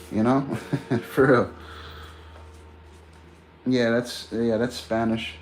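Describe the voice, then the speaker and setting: Talking directly to his audience and greeting them, this streamer drifts through casual chat, dropping "man" and "bro" along the way. He speaks slowly with long pauses, in a mid-range, fairly even voice over a little hiss or hum.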